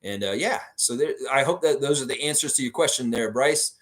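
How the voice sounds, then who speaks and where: A man in a casual livestream chat, answering viewer comments one after another. He rambles and leans on fillers, with a voice sitting at an ordinary middle pitch. He gets eager whenever a comment lands with him. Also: brisk, fairly bright tone. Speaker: host of a fan livestream.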